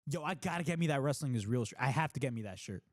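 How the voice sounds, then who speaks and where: A man hosting a live wrestling reaction stream, talking casually, swearing freely and bursting into exclamations and shouts. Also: mid-range voice, rapid-fire. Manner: excitable, blurts exclamations and shouts at big moments.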